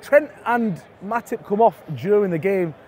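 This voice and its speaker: An energetic man hosting street interviews after a match, slangy and teasing. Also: high voice, measured pace. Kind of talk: vox pop interviewing and banter. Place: outdoors near a stadium.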